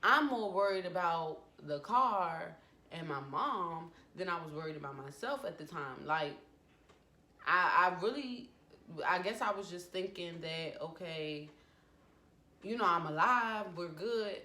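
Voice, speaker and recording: A woman's voice: lowish voice, lively intonation, a little slow, sharp tone. A woman in her twenties telling a personal story at home in a vlog, talking it through with feeling and acting out the quotes. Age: 20s. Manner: emotional retelling with acted-out quotes. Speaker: vlogger. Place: home room. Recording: echoey room with faint background noise. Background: family noise from downstairs.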